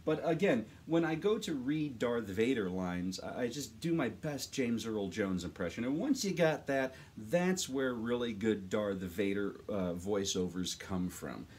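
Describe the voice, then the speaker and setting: A voice actor in casual, chatty tutorial talk, rambling with many fillers, recorded into a condenser mic in a small home studio. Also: male voice, lowish voice, expressive, measured pace, hardly any pauses, a little mellow, husky.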